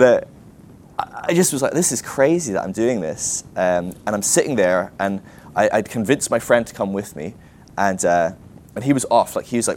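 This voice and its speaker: A man's voice: on the low side, a little mellow, slight background noise. A man speaking at a ministry school, telling a self-deprecating story in a casual sermon, full of "like" and restarts.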